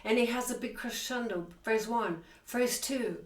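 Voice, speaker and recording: A woman's voice: fairly high pitch, measured pace. A woman teaching a piano piece, counting beats and singing phrases aloud with enthusiasm. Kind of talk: piano tutorial talk. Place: room with a piano. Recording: roomy sound from a distant mic, with loud piano. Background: piano playing.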